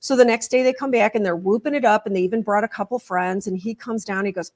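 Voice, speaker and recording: A woman's voice: mid-range voice, quick pace, hardly any pauses, darkish tone. Earnest woman explaining with stories. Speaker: guest. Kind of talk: explaining in a podcast interview.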